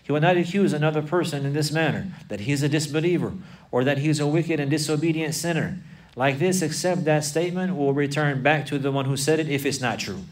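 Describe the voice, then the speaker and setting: An Islamic teacher leads a religious class, repeating phrases and quoting Arabic texts before explaining them. His voice is fairly high and quick, picked up from a distance away from the mic.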